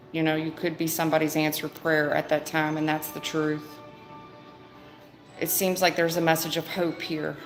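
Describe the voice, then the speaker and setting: A woman's voice: sits low, slight background noise, low-quality recording. A woman giving a live-stream tarot reading, talking in a rambling, conversational way with fillers and restarts. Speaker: tarot reader.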